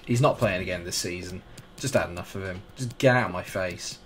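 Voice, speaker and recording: A man's voice: deep voice, a little fast, slight background noise. Exasperated man narrating gameplay. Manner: exasperated, sarcastic, self-mocking. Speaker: gaming YouTuber. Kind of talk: live gameplay commentary. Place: at home, late at night.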